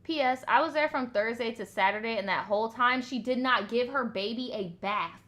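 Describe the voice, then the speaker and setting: Woman host for casual storytime commentary: animated, profane, quick to laugh, with a bright, forceful tone. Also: a little high.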